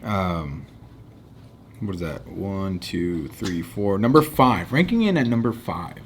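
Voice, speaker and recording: In this laid-back food review, a man with a rather low, expressive voice works through his cookie ratings as co-host. Each score gets a slower, deliberate announcement, while the talk in between stays loose, over a faint background hum.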